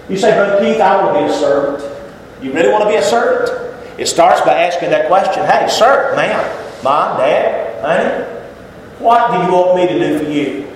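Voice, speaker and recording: A man preaching a sermon in a church, dramatic, climbing to shouts and dropping to a hush. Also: sits high, expressive, normal speed. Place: church sanctuary. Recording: very echoey hall with faint noise.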